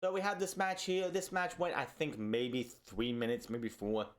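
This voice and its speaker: A man's voice: mid-range voice, level tone, moderate pace. A man reviewing a wrestling show in a casual, exasperated, sarcastic rant full of restarts.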